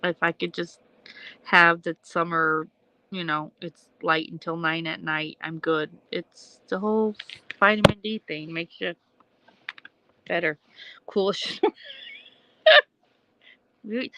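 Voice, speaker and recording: A woman's voice: lowish voice, slow pace, pauses often, pushed and bright, no echo, muffled recording. A woman hosting a casual livestream, rambling chattily at night from home and answering viewers' comments. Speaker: livestream host.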